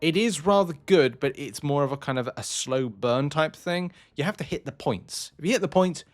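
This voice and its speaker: A man's voice: fairly high pitch, animated, moderate pace. A man hosting a gaming channel, giving blunt, rambling advice in casual news commentary.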